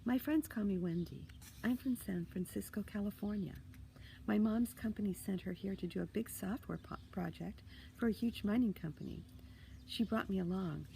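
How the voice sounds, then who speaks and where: A woman's voice: medium pitch, moderate pace, creaky, mellow, a little hiss or hum, natural voice. A woman voicing a shy, hesitant young girl who is new in town. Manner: timid, hesitant.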